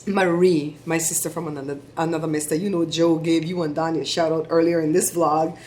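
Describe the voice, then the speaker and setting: A middle-aged woman vlogger giving chatty, animated shout-outs to her viewers. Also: low voice, fairly quick, a little hiss or hum. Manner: chatty, animated storytelling with laughs.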